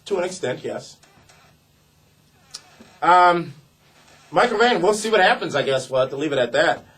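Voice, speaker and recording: A man co-hosting a wrestling talk show, reading viewer mail at the desk. His voice is somewhat husky and sits a little high, and he gives the emails a playful, emphatic read. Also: expressive, moderate pace, fairly bright tone. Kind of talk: casual wrestling show chat. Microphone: desk mic.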